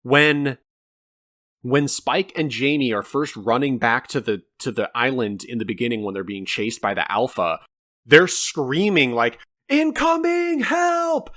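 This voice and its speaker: A man co-hosting a podcast, chatting casually about a film in an animated, rambling way with some swearing. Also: medium pitch, measured pace. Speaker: podcast co-host. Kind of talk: casual film review chat.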